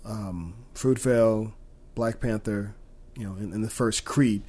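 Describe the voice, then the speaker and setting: A man's voice: fairly low pitch, a little slow, darkish tone. A man co-hosting a filmmaking podcast, talking about movies in an upbeat, enthusiastic way. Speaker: podcast co-host. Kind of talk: casual film chat.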